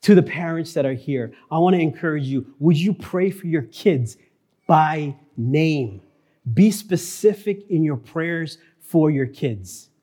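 A male pastor preaching a sermon in church, earnest, repeating key phrases and slowing down for emphasis. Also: a little high, animated, dark tone.

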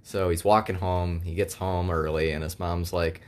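A young man telling jokes and a long rambling shaggy-dog story in a deadpan way. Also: sits low, moderate pace. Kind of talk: casual joke telling.

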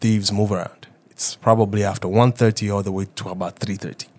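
A man co-hosting a podcast in casual chat, telling animated stories and acting out quoted voices, with some swearing. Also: fairly low pitch, a little fast. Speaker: podcast co-host.

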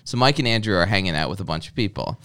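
Young guy, smooth clear voice, swings his pitch a lot, animated crude storytelling. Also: quick pace. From Canada. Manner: animated, profane, jokey. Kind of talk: casual crude storytelling chat.

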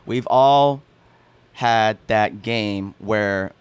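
A man's voice: fairly low pitch, drawn-out words, clean tone, no room sound. A young man, a podcast guest, telling a story in a rambling casual chat full of fillers and restarts. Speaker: podcast guest, haunt performer.

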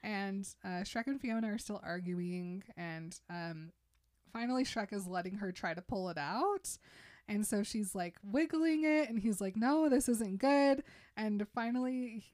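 A woman's voice: mid-range voice, a little slow, a little mellow, dry recording, studio quality. A young woman casually retelling a movie scene, quoting the characters playfully. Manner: chatty storytelling, quoting characters with playful voices. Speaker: podcast co-host. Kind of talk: casual chat, recapping a film plot.

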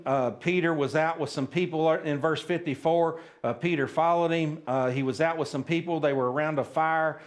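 A man preaching a sermon at a church service, plain-spoken and folksy, often checking in with the congregation. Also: on the high side. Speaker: pastor.

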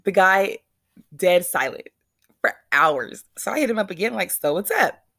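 A woman's voice: medium pitch, animated, normal speed, gravelly, a bit bright, dry recording, clean studio sound. A woman vlogger telling a rambling, anxious, self-questioning story straight to her viewers. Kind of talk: casual confessional storytelling.

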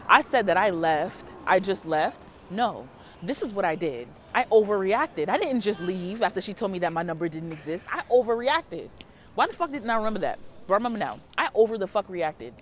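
A woman tarot reader telling a story in a casual vlog, animated, dramatic and full of swearing. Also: mid-range voice, a little hiss or hum.

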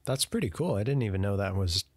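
A man's voice: fairly low pitch, expressive, fast, noisy background. A young man co-hosting a casual podcast, laid-back, mostly short reactions and dry jokes. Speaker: podcast co-host. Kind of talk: casual chat.

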